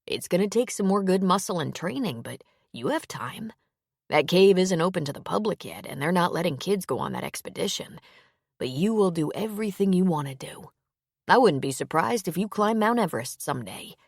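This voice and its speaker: A woman voicing Owen, a quiet and gentle grown man, in an audiobook, speaking softly and reassuringly. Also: big pitch swings, brisk, vocal fry, no room sound, clean studio sound, exaggerated voice. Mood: warm. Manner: soft, reassuring, low-key. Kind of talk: audiobook character reading.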